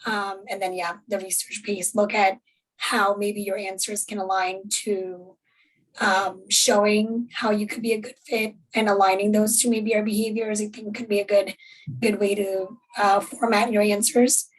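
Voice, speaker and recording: A woman recruiter speaks in an encouraging, conversational way on a panel. Her voice is mid-pitched and sounds set back from the microphone. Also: flat delivery, a little slow, far from the mic, low-quality recording. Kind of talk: panel Q&A answers.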